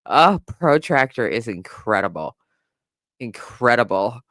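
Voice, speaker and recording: A woman's voice: very deep voice, a little slow, no echo, studio quality. A woman hosting a casual commentary stream, reading chat comments and laughing often as she reacts. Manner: laughing often, animated, lively. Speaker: host.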